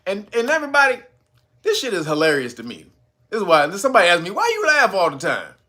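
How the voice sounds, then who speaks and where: A man's voice: wildly swooping pitch, bright, forceful tone. A man hosting his own channel, giving loose, profane commentary and laughing often as he talks. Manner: mocks a stiff, slow talker in a low voice. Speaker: channel host. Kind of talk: casual commentary video.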